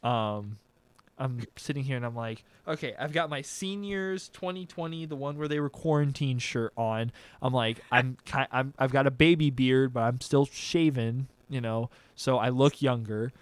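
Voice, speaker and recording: A man's voice: mid-range voice, normal speed, clear, resonant tone, dry recording. A young man, a podcast co-host telling a story in casual chat and acting out both sides of the conversation.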